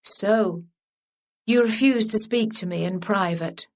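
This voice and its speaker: Woman doing a suave nobleman, dropped low, chatty and easy, slow delivery. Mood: teasing. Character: deep-voiced charming male lord, teasing.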